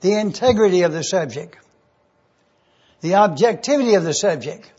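A man preaching a numbered teaching sermon, speaking slowly and deliberately and repeating key phrases. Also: sits high, animated, a little mellow, husky, muffled recording.

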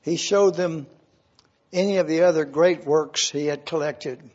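A man delivers a sermon as a slow, earnest story, and his voice sits high for a man. The sound is husky and a little breathy. The recording is dull and lo-fi. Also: a little mellow. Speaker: preacher. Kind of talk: sermon illustration told as a story.

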